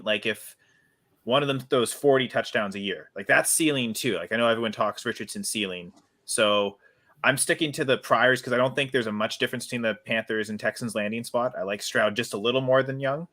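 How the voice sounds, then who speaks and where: A man on a podcast panel works through his reasoning out loud, hedging and leaning on "like." His voice is bright and forward, with a steady, mid-range pitch. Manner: thoughtful, hedging, lots of "like". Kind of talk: casual chat.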